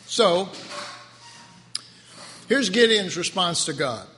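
A man's voice: high voice, very animated, very slow, a bit bright. A man preaching a sermon, emphatic and repetitive, with laughing asides to his congregation. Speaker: pastor. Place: church sanctuary. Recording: long hall reverb, faint room noise.

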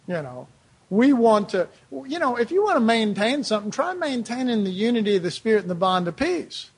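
A man's voice: extremely high pitch, very animated, brisk, slightly rough. A man preaching a sermon in a loose, conversational way, with lots of rhetorical questions and "you know"s.

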